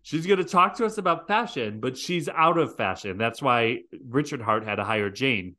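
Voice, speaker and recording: A man's voice: mid-range voice, animated, normal speed, bright, forceful tone. A man co-hosting a podcast, chatting casually and joking with emphatic repetition. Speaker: podcast co-host. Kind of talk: casual chat.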